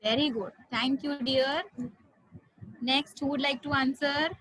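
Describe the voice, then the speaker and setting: A woman's voice: high-pitched, fairly even intonation, measured pace, fairly bright tone, poor audio. A woman teaching an online class, patiently repeating drills and coaxing her students.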